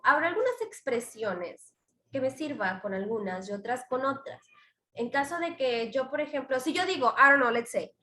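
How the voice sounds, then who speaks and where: High bright teacher voice, echoey room. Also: female voice, a little hiss or hum. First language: Spanish. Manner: explains slowly, mixing Spanish and English. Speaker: English teacher. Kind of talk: bilingual online class.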